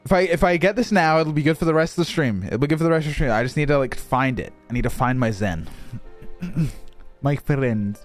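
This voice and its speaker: A man's voice: on the high side, expressive, quick pace, soft background music. A young man chatting casually on a livestream, laughing often, swearing and restarting his words. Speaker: streamer.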